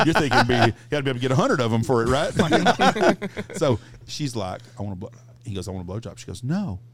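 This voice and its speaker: A middle-aged man hosting a podcast, telling a crude anecdote in a casual, profane, animated way. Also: mid-range voice, brisk. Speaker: podcast host. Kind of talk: casual storytelling.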